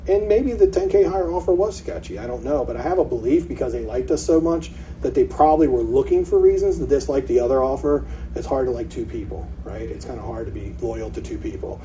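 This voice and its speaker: Fast-talking man presenting at a meetup. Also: mid-range voice. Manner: animated, acts out quoted sellers. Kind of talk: casual seminar talk. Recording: distant mic, dull lo-fi sound, faint hiss.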